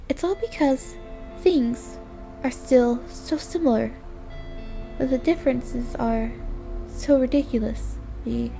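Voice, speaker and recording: A woman's voice: high-pitched, vocal fry, mellow. A young woman narrating a visual novel in a wistful, weary inner-monologue voice. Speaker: game voice-over reader.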